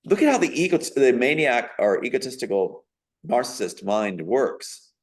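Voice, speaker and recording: A man's voice: medium pitch, very animated, moderate pace. A man being interviewed as a guest, giving a long, rambling personal account in an emphatic, indignant tone with frequent fillers.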